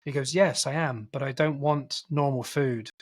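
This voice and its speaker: A man on a film podcast rambles through a plot recap in casual chat. His voice is husky and slightly breathy, pitched in an ordinary middle range. He slips into quick acted-out quotes as he goes. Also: fairly even intonation. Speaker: podcast co-host.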